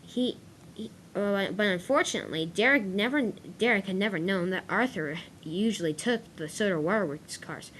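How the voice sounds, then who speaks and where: Woman narrator, improvised toy-train tale, lively sing-song pitch, stumbles and restarts lines. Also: moderate pace, slight background noise. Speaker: storyteller.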